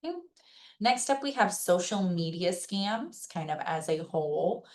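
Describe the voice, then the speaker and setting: Woman presenter with a slightly low voice. Conversational and reassuring, like giving practical tips to a community webinar. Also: expressive, measured pace, darkish tone, a little hiss or hum. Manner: conversational, checks in with listeners by asking "okay?" and "right?"; gives practical advice in a plain, reassuring way. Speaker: presenter at a senior-services webinar. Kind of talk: informal educational presentation.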